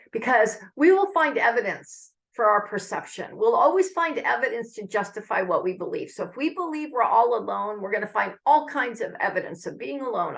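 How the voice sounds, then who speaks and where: A woman's voice: on the high side, creaky, fairly bright tone. A woman giving an earnest, heartfelt devotional message with prayer, speaking conversationally to her viewers. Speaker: Christian speaker.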